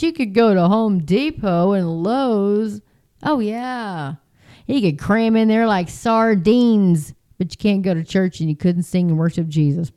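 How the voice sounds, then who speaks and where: Chatty middle-aged woman, mellow voice. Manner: animated, chatty, jumps to high mocking voices. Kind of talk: casual spoken monologue.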